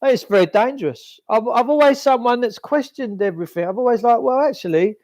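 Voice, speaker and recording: A middle-aged man chats loosely on a livestream, his voice sitting high for a man. He rambles from one opinion to the next, picking up viewer comments and answering them. The sound is dry and close, with no room around it. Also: fairly quick, a little mellow, no echo. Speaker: livestream host. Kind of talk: casual livestream chat.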